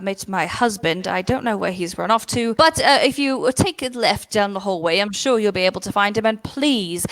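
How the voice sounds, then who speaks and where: A woman's voice: mid-range voice, fairly bright tone, natural voice, low-quality recording. A woman voicing a gracious, formal queen whose daughter is missing, speaking in a courtly way.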